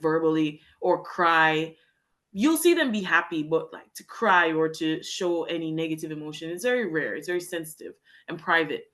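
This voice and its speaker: On a podcast, a young woman from Jamaica opens up earnestly about her time teaching English in Japan, her sentences long and winding. Her voice is fairly low in pitch with a fairly bright tone.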